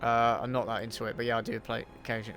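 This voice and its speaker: A man's voice: mid-range voice, flat delivery, fast talker, gravelly, fairly bright tone. A man hosting a casual livestream Q&A while he plays a game, answering chat in an offhand, sweary way and muttering to himself mid-game. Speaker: YouTube host.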